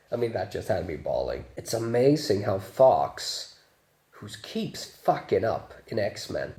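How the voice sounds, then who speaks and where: A man's voice: medium pitch, warm tone, roomy sound. A man chatting through a casual movie review, laughing often and swearing freely.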